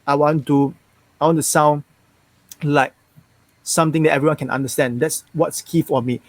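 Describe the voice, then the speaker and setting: A man's voice: a little high, normal speed, dry recording. A young man with a neutral Singaporean English accent, a Mandarin native speaker, talking frankly as a guest actor in a casual interview. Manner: frank, animated, many restarts.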